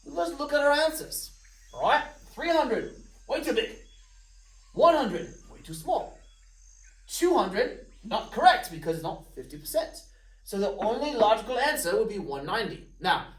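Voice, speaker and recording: A woman's voice: a little high, sing-song, normal speed. A woman teaching a recorded math review lesson, walking through problems step by step with playful, jokey asides to students. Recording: roomy, from a distance of the mic.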